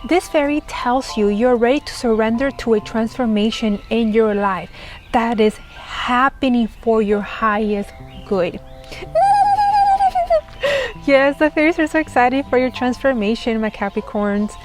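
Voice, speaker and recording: A woman giving an excited, gushing tarot reading, giggling as she talks. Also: fairly high pitch, unhurried, soft background music. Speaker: tarot reader.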